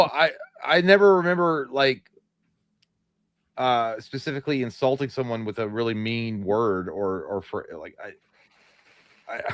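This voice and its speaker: A man's voice: mid-range voice, dry recording, studio quality. A man co-hosting a live movie show, giving blunt opinions in a casual, rambling way. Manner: blunt, opinionated, trails off and restarts. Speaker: podcast co-host. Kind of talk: casual live-stream chat.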